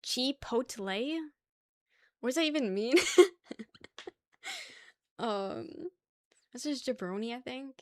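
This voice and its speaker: A woman's voice: a little high, slow, pauses often, no echo, clean studio sound. A young woman livestreaming casual chat with her viewers, rambling, laughing easily and swearing offhandedly. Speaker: livestream host.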